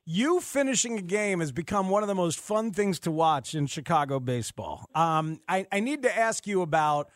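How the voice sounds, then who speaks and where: High-voiced man, dry close sound. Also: lively intonation, normal speed, few pauses, no echo. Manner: playful, upbeat questioning with laughs. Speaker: interviewer. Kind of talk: morning interview.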